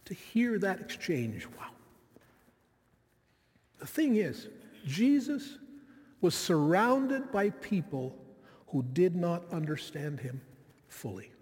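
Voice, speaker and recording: Male preacher, high-pitched, conversational and reflective, recorded in a reverberant hall. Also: very animated, takes it slowly, pauses often, darkish tone, breathy edge. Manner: reflective, conversational, with frequent asides to the listeners. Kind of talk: sermon.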